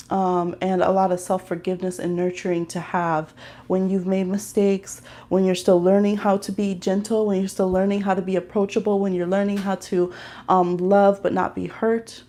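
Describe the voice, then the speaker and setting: A woman reading tarot on a casual livestream, soft and nurturing during the cards, then chatty and animated as she tells stories, laughing often and breaking into high squeals. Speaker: tarot reader.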